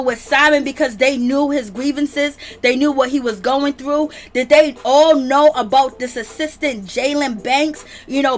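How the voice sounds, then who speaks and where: High-pitched animated gossip host woman. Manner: animated, drawling, calls viewers "baby". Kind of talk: casual livestream gossip commentary.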